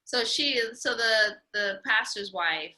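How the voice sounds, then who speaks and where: A woman hosting a casual chat, telling her stories in an animated way and acting out the quotes. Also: mid-range voice, slow. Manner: animated storyteller, acts out quotes. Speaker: podcast host.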